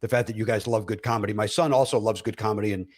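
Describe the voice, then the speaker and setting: A middle-aged man, a comedian guest, telling stories in an animated way and acting out other people's voices. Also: on the low side, rapid-fire. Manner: acts out other people's voices, with many fillers and laughs. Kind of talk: animated comic storytelling.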